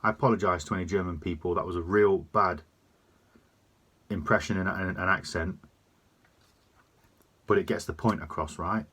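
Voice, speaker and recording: A man's voice: deep voice, steady tone, moderate pace, long pauses, fairly bright tone, breathy edge. A man delivering a sweary, emphatic opinion rant to camera. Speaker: vlogger.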